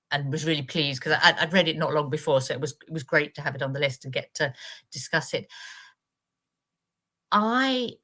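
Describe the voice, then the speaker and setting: Low-voiced woman co-hosting a book chat. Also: fairly bright tone. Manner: hesitant, many fillers and restarts. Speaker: book club co-host. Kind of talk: casual book discussion.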